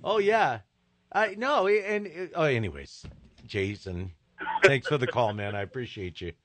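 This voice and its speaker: A male radio host running a live call-in joke segment, jovial and quick to laugh. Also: medium pitch, lively intonation, noisy background. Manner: jovial, laughs easily, repeats the phone number. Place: radio studio. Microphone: studio microphone.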